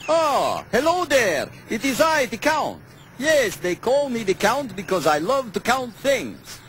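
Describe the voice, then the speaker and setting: A man's voice: extremely high pitch, huge pitch swings, a little slow, a little hiss or hum, full character voice. A man voicing the Count, a theatrical vampire who loves counting, singing and storytelling for children's TV. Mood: grand. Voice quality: grand, dramatic, rolling delivery. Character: theatrical old male vampire counting-lover. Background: loud backing music.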